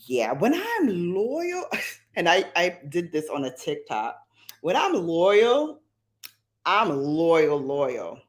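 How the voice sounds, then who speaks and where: A middle-aged woman chats on her livestream. Her voice sits fairly low, swings widely in pitch and leaps to squeals, and she takes her time with the words. The manner is sassy and animated. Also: slow. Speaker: livestream host. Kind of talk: casual livestream chat.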